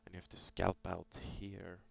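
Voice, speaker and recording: Very low gravelly man reviewing trades. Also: monotone, moderate pace. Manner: thinking aloud, loose, with many fillers. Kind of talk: casual screen-recorded trading review. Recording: dull lo-fi sound with faint hum.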